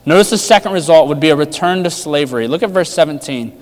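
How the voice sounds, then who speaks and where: A man preaching a sermon with emphatic rhetorical questions, his delivery swinging between loud and hushed. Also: on the high side, expressive, quick pace, long reverb tail. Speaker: pastor.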